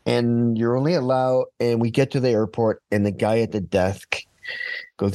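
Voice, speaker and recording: A man's voice: lowish voice, steady tone, a little fast, dark tone, dry recording. A man chatting casually, telling a personal story and acting out what others said. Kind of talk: casual conversation.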